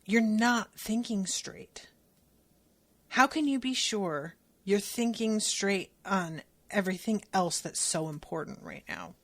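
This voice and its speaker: A woman's voice: mid-range voice, very animated, a little slow, few pauses. Teenage boy wizard, blunt, profane, insistent, woman reading. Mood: earnest.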